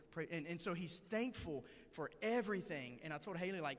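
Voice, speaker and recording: A man's voice: fairly high pitch, animated, fast, hardly any pauses. A man preaching a sermon in church, telling a story in a conversational, earnest way. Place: church sanctuary. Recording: long hall reverb.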